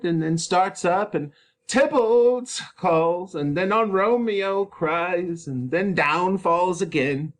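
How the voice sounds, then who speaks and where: A man's voice: a little high, voice pushed up. A man doing a wailing old nurse. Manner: wailing, pleading, repetitive. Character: fussy, bustling old nurse woman.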